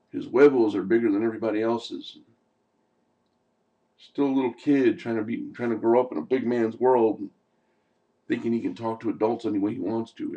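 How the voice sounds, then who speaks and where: Man, gravelly voice, heated profane rant, casual recap, middle pitch. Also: a little mellow, distant mic. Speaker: TV show commentator.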